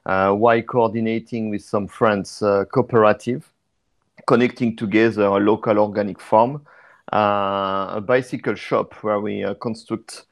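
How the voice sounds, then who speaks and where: A man speaks in a somewhat low voice, pausing often with "uh" between phrases. He talks as a guest on a podcast, and the sound comes through a video call. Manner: hesitant, with frequent "uh" fillers. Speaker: guest, degrowth activist and researcher. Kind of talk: casual podcast interview.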